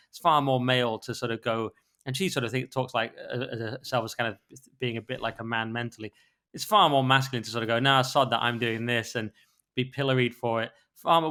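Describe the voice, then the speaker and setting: A British man co-hosting a podcast, chatting casually and opinionatedly, often slipping into quick impressions of other people. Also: medium pitch. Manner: fast, animated, acts out voices of others. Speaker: podcast co-host.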